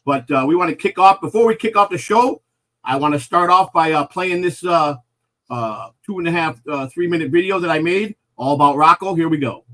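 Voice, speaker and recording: A man's voice: fairly high pitch, brisk, sharp tone. A man hosting a live comedy talk show, talking casually with lots of fillers and restarts. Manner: rambling, filler-heavy. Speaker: host.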